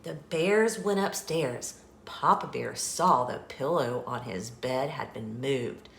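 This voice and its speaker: A woman hosting a children's channel, reading a picture book aloud with slow, expressive storytelling. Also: a bass voice, vocal fry, a little hiss or hum. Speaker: children's story reader and host. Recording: echoey room.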